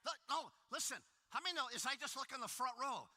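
A man preaching a sermon in a casual, animated way, full of fillers and questions to the congregation. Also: very high voice, fast. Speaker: pastor. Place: church hall. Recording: long hall reverb.

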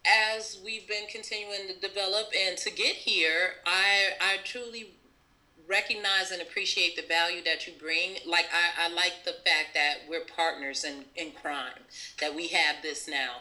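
A woman's voice: on the low side, steady tone, a little slow, sharp tone, rough recording. A young woman hosting a podcast in a casual chat, enthusiastic and affirming, laughing often. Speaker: podcast host.

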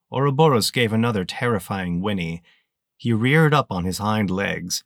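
A man with a low voice narrates an audiobook in a steady, measured way. He is recorded close on the mic, and the sound is dry and free of any room echo.

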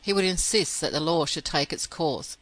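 A man narrating an audiobook in a steady, measured reading. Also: fairly high pitch, dry recording, low-quality recording. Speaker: audiobook reader.

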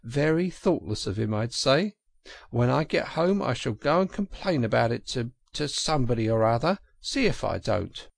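A man voicing a fussy, pettish male mole who whines in a high, fretful voice. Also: sing-song, moderate pace, vocal fry, no room sound, studio quality. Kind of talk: audiobook character reading.

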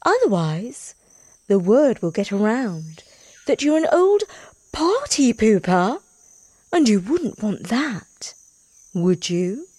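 A woman's voice: on the high side, very animated, takes it slowly, a little mellow, slightly rough, no echo, full character voice. A woman voicing a pushy, teasing tigress in a storybook reading, in a coaxing manner.

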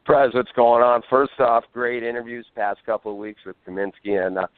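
A man's voice: medium pitch, level tone, moderate pace, no room sound. A man calling in to a radio show from the Detroit area, with a slightly Canadian-sounding Detroit accent, chatty and friendly. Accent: Detroit, Canadian-tinged. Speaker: caller. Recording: tinny phone line, dry.

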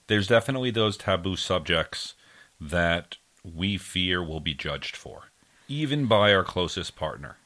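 A man's voice: low-pitched, lively intonation, measured pace, fairly bright tone. A man co-hosting a podcast, talking in a chatty, enthusiastic way. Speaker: podcast co-host. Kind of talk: casual podcast chat.

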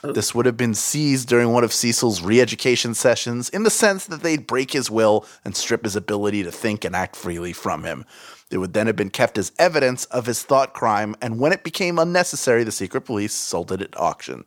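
A man co-hosting a podcast, reading listener mail aloud and joking around with animated, swearing banter. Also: medium pitch, brisk. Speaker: podcast co-host.

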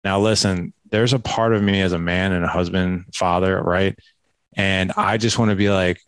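A man guest on a podcast, telling parenting stories in an animated way and acting out talks with his kids, with a lot of "like" and "right?". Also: low-pitched, normal speed, clean tone, no echo. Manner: animated storytelling, acts out dialogue with his kids; filler-heavy, frequent "like" and "right?". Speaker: podcast guest, dad coach. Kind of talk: conversational interview.

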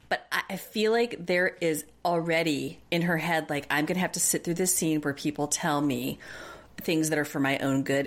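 Low-voiced woman podcast co-host. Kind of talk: casual chat recapping a reality show.

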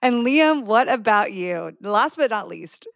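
A bubbly, enthusiastic woman hosting a group podcast, quick to cheer and laugh along with her guests. Her voice sits in an ordinary middle register, recorded close and dry with no room sound. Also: medium pitch, lively intonation, gravelly, a bit bright, no echo. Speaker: podcast host.

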